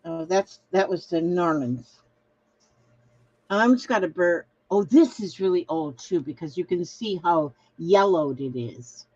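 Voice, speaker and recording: A chatty woman hosts a casual craft livestream, rambling as she reads viewer comments aloud. Her voice rises and falls with lively swings, and she takes her time. The audio is dull and lo-fi. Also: lowish voice, unhurried, husky. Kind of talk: casual live-stream chat.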